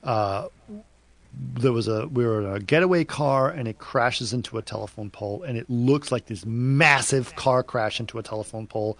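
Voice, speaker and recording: A man's voice: medium pitch, normal speed, a bit bright. A man co-hosting a casual podcast chat, telling stories in a rambling, self-correcting way. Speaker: podcast co-host.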